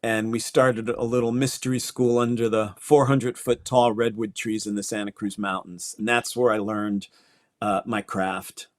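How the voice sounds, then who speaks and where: A man's voice: fairly low pitch, flat delivery, normal speed, no room sound, studio quality. Older man telling his story. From Connecticut, US. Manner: storytelling, reflective, with small restarts. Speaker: guest astrologer. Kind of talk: interview conversation.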